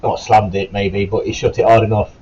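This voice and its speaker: A former Marine recruit telling a casual, rambling story to camera, with a sore, cough-prone throat and a sweary, self-correcting way of talking. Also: male voice, lowish voice, little pitch movement, a little fast, a little mellow, dull audio, a little hiss or hum.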